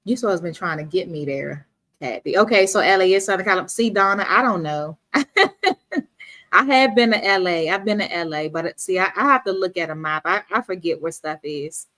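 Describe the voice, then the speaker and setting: A woman's voice: lowish voice, fast, a bit bright. A woman from D.C. hosting a casual livestream, chatting with viewers and reading their comments aloud. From Washington, D.C.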